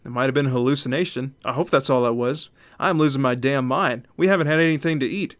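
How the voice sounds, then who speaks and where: A man's voice: mid-range voice, fast talker. A young man hosting a gaming channel, reading horror game text aloud dramatically and reacting in asides. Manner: reads narration dramatically, then reacts in asides.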